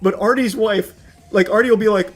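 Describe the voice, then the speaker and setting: A man's voice: high-pitched, brisk. A young adult man streaming, ranting casually with lots of swearing and frequent laughter. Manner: animated, profane, laughing often. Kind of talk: casual livestream rant.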